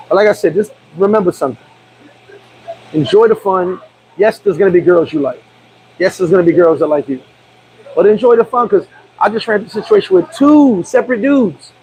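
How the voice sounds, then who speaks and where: A man's voice: high-pitched, a little mellow, a little hiss or hum, low-quality recording. A man hosting a casual livestream chat, telling blunt, profane stories. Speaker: livestream host.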